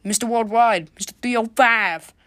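A woman's voice: a little high, normal speed, a bit bright, no echo. Woman, solo comedy podcaster, sarcastic and sweary, dry close sound. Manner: sarcastic, profane, jokey. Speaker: podcast host. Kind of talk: casual comedic monologue.

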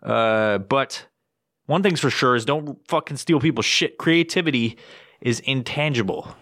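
A man's voice: medium pitch, unhurried, fairly bright tone, no room sound, studio quality. A man hosting his own podcast, rambling through sponsor plugs in a crude, swear-heavy casual monologue. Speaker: podcast host.

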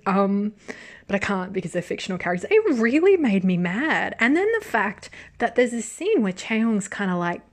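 A woman giving a casual spoken review of a drama, animated and swearing freely as she vents, then laughing it off. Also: medium pitch, normal speed.

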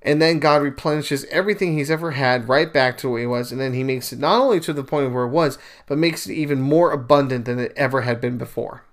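Talking fast with hardly any pauses, a medium-pitched male podcast host casually recounts a scripture story and weighs in with his opinions. He's emphatic and animated, playing out the voices of those he quotes, with a chatty flow of fillers and asides.

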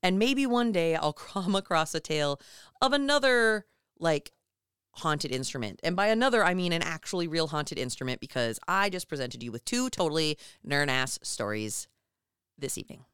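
A woman co-hosting a casual podcast chat, giggly and animated, swearing casually. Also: low voice, moderate pace, clean tone, no room sound, studio quality. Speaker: podcast co-host.

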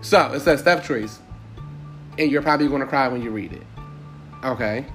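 A young man hosting a casual panel podcast, animated and sassy, often laughing as he talks. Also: mid-range voice, normal speed, faint music behind. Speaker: podcast host.

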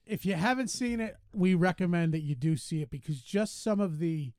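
Man, high-ish voice, animated storyteller, podcast chat, dry close mic. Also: brisk, clean tone, no room sound. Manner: animated storytelling, voices rising when quoting. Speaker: podcast co-host. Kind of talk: casual chat.

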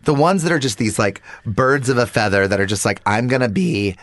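A man chatting casually and telling animated stories, acting out the people he quotes. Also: medium pitch, a little fast, no echo. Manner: animated storyteller, quoting others. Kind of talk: casual storytelling chat.

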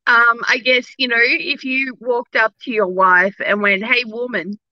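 Woman, Australian accent, interview guest, frank and chatty, highish bright voice, dull lo-fi audio. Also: a little slow, no echo. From Melbourne, Australia. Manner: frank and chatty, laughs easily. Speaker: actor and guest. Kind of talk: casual interview chat.

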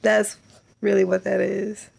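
A woman telling stories in casual chat, animated, laughing often and acting out what people said. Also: medium pitch, a little slow, vocal fry, slightly rough. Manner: animated storyteller, laughs a lot, acts out quotes.

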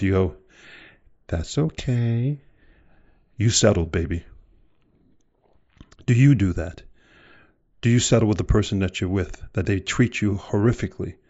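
Male podcast host, motivational talk, low warm voice, rhetorical questions, muffled lo-fi recording. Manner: rhetorical questions, drawn-out emphasis. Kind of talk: motivational monologue.

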